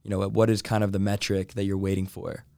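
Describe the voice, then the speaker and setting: A young man speaks as a guest sports analyst in casual talk, measured and hedging his points. His voice is low and fairly flat in its tune, but smooth and clear. The sound is close and dry. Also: no room sound. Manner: measured, hedging with "I think" and "you know".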